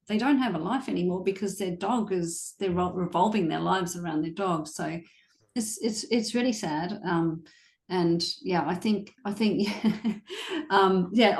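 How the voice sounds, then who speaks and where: A woman's voice: on the low side, darkish tone, reverberant. A woman dog trainer talking casually about her clients, chatty with frequent fillers and laughter. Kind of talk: casual conversational chat.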